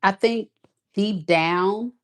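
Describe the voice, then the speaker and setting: A woman's voice: medium pitch, very slow. A woman giving a casual tarot reading, talking in a blunt, sassy, emphatic way. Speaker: tarot reader.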